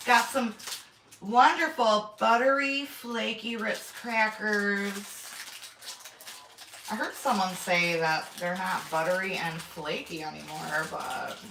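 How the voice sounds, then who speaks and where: A woman's voice: mid-range voice, takes it slowly, gravelly. Middle-aged lady rambling on her home livestream, swears a lot, echoey kitchen, mic kinda far off. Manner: chatty and blunt, swears, greets viewers by name. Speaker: homestead channel host. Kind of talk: casual livestream chat. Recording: echoey room, distant mic, faint noise.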